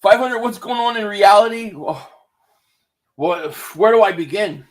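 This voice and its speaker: Calling a football game play by play on his live stream, a Philadelphia-area man at home chats loosely with viewers, reads the chat aloud and swears now and then. He's loose and excitable, his voice high-pitched and a little slow.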